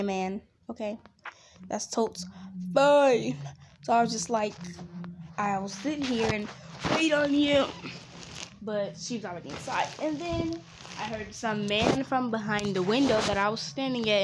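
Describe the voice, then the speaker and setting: A woman's voice: medium pitch, background noise. A woman telling a rambling, chatty story time, with asides about the game she plays. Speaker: gaming storyteller. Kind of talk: casual story time while playing a game.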